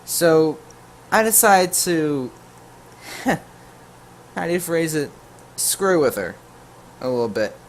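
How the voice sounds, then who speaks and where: A man casually telling a storytime tale to his viewers, full of jokey asides and quick self-corrections. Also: on the high side, animated, slight background noise. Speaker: YouTube storyteller.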